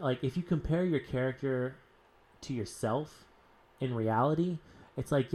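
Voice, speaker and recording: A man talks loosely about playing tabletop role-playing games, circling back on himself with fillers. His voice sits at an ordinary middle pitch. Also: a little slow, long pauses, darkish tone. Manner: rambling, full of "like" and restarts. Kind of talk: casual podcast chat.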